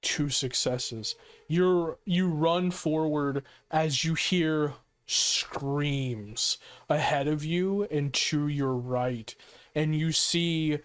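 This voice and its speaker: Male game master, slow descriptive narration, filler-heavy. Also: fairly high pitch, smooth.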